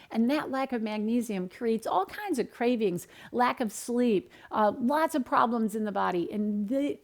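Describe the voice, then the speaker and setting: A middle-aged woman dietitian from the United States, giving an upbeat, animated talk in her home kitchen and acting out the people in her stories. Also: fairly high pitch. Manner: upbeat, animated, acts out quoted dialogue. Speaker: dietitian and speaker. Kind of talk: direct-to-camera talk with storytelling.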